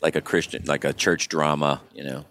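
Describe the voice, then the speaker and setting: A man co-hosting a casual comedic chat, goofy and quick to jump into silly shouted voices. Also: very deep voice, steady tone. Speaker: podcast co-host.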